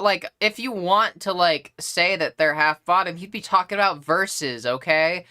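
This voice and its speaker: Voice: mid-range voice, moderate pace, few pauses, pushed and bright, smooth, faint music behind. A young adult streamer casually chatting with a live audience, playful, profane and mock-indignant. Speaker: livestreamer reading chat.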